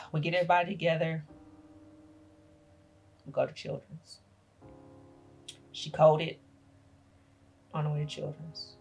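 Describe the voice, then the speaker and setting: A middle-aged woman, a grandmother, telling a painful personal story as a podcast guest, halting and emotional, repeating her phrases. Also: sits low, little pitch movement, creaky, breathy edge, faint music behind.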